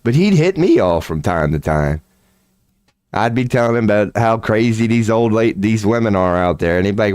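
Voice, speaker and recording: A man talks in a loose, unscripted livestream way, frank and often profane. He jumps into quick impressions of the people in his stories. His voice sits fairly low, and the dry recording leaves no room sound around him. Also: no room sound. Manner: candid, profane, animated storytelling with quoted voices. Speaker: tarot reader and streamer. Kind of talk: casual livestream chat.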